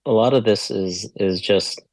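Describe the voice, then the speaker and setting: Laid-back low-voiced man, dry sound. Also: a little mellow, dry recording. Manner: easygoing, laughs often, halting fillers. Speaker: podcast guest. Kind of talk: casual chat.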